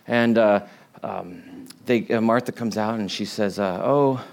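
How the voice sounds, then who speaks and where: A middle-aged man preaching a sermon in a conversational storytelling way, with lively quoted voices and soft laughs. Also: fairly low pitch, unhurried, vocal fry. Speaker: pastor.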